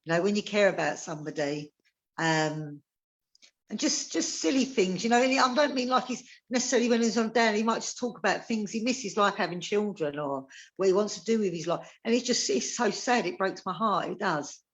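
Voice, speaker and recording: A woman speaking in a heartfelt, halting way, often repeating herself in a conversational interview. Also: medium pitch, lively intonation, poor audio. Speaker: campaigner for a prisoner.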